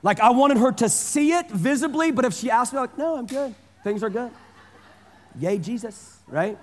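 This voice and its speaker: Pastor in his forties, lighter-pitched male voice, chatty story-led sermon, big hall with long reverb. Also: moderate pace. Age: 40s. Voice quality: conversational storytelling, repeats phrases for emphasis.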